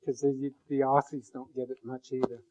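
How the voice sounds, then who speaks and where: A male university lecturer giving a classroom lecture, rambling and joking with many halting restarts. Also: medium pitch, little pitch movement, dark tone, highs cut off.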